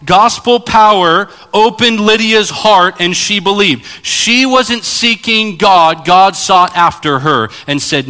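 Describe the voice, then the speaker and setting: A man preaching a sermon as pastor, animated and acting out Bible scenes. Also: sits high, takes it slowly, few pauses. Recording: long hall reverb.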